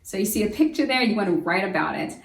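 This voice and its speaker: A woman teaching a homeschool lesson in a casual style, acting out quoted lines loudly, with many fillers. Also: medium pitch, lively intonation, fast talker, gravelly. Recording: roomy sound from a distance.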